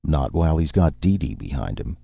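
A man's voice: rumbling low, very animated, normal speed, vocal fry, husky, no room sound, heavily acted. A man voicing a gloomy, plaintive male writer in a spoken story. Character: gloomy, put-upon male screenwriter. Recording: dull lo-fi, dry.

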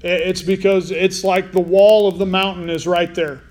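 High-voiced man preaching conversationally. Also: level tone, normal speed, a little mellow. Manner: informal, asks the listeners questions. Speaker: preacher teaching the Bible. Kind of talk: conversational sermon.

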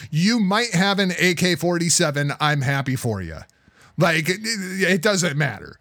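A fired-up man co-hosting a political podcast, cursing freely and swinging from loud outbursts to low asides. His pitch runs a touch high and leaps around a lot. The tone is bright and sharp, and the sound is close and dry. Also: big pitch swings, normal speed, dry recording. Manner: profane, exasperated, swings from loud outbursts to muttering. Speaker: podcast co-host. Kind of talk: heated political talk.

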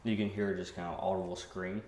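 A man with a low voice narrates a tabletop game as game master, telling the action with laughs and the odd sound effect. The room is echoey, with a faint hiss under the voice. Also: little pitch movement, brisk, a little mellow. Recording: roomy with faint noise.

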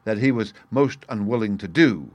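A man voicing Sherlock Holmes, crisp and explanatory. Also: on the low side, normal speed, no echo, highs cut off, close to an everyday voice. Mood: explaining. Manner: crisp, explanatory, bursts of excitement. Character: sharp, brisk male detective, confident reasoner.

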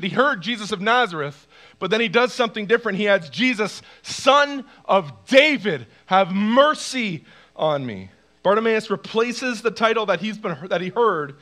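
A male pastor preaching a sermon, animated, acting out cries and shouts from the story. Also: high voice. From Canada.

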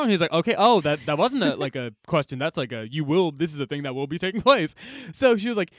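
A man's voice: fairly high pitch, lively intonation, fast talker, no room sound, clean studio sound. A man co-hosting a casual book podcast, retelling scenes animatedly and acting out the characters' lines, with lots of "like". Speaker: podcast co-host.

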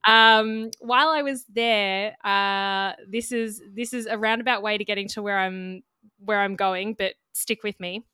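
Woman, Australian accent, podcast host, casual chat, smooth voice, dry close sound. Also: mid-range voice, steady tone, measured pace, pushed and bright, dry recording. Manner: chatty, laughs often, winding asides.

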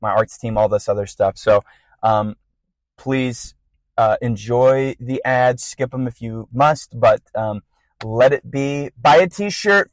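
A young man hosting a podcast, telling a personal faith testimony in a casual, rambling way with bursts of excitement. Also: mid-range voice, dry recording, low-quality recording. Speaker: podcast host.

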